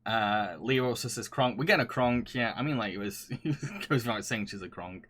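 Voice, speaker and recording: A man rambling happily on a live stream, his voice sitting at an ordinary middle pitch. He gushes, laughs often and stumbles over restarts as he reads out comments from chat. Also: moderate pace, a bit bright. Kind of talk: casual chat, reading chat.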